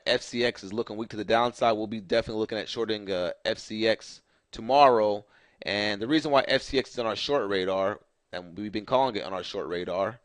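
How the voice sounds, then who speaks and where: With a fairly low, fairly bright voice and no room sound, a male market analyst host runs through a relaxed stock market recap on charts. The delivery is loose and repetitive, heavy on fillers and recycled phrases.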